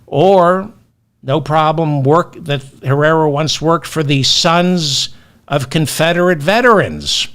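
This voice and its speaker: A man hosting a solo news commentary show, talking in a sardonic, indignant way with long pauses between phrases. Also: on the high side, lively intonation, fairly bright tone. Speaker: political commentary host.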